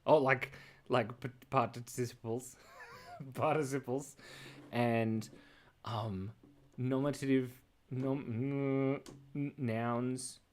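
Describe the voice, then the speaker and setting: A man's voice: mid-range voice, steady tone, extremely slow, pauses often. A man hosting a live drawing stream, chatting casually in a playful, rambling way and often breaking off mid-word. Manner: rambling, playful, jumps between random thoughts. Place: indoors at his computer.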